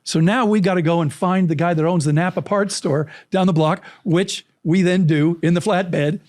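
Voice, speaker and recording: A man's voice: high voice, fairly even intonation, moderate pace, a little mellow, no room sound. A man in his sixties, a storytelling coach, telling a childhood anecdote as an interview guest, vividly acting out the people in it.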